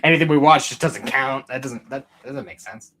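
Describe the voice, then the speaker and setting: A man's voice: medium pitch, normal speed, fairly bright tone. Chatty man co-hosting a podcast. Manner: chatty, rambling with many fillers. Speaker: podcast co-host. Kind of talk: casual chat.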